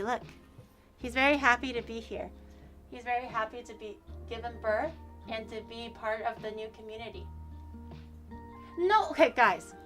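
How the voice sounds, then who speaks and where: A woman streamer chatting casually with viewers, playful and excitable, breaking into squeals and laughter. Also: a little high. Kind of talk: casual live-stream chat.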